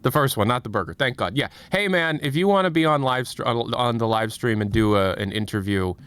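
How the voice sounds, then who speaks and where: A man's voice: medium pitch, brisk, a bit bright, clean tone, dry recording. Casual male streamer, rambling and self-deprecating, swears freely. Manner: rambling, self-mocking and profane. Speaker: livestream host.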